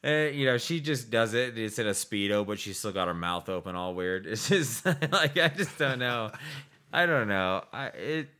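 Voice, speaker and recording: A man in a loose, joking conversation, his pitch swinging widely as he talks. His tone is bright and forward. He laughs often and keeps dropping into exaggerated voices to act out what people might say. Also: expressive, normal speed. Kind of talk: casual comedic chat.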